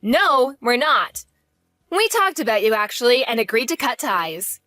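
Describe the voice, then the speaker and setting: A woman's voice: a little high, sing-song, a little slow, bright, forceful tone, no echo, clean studio sound, full character voice. A woman voicing a blunt young wife who speaks in a cutting, direct way. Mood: cold.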